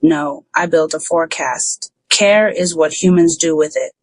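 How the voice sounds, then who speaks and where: A narrator doing a calm, evasive woman official. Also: mid-range voice, no room sound, lightly acted, poor audio. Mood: firm. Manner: calm, measured replies.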